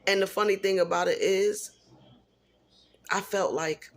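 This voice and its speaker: A woman's voice: on the low side, a little slow, pauses often. A middle-aged single mother venting in a personal vlog, blunt and emphatic, repeating herself for stress.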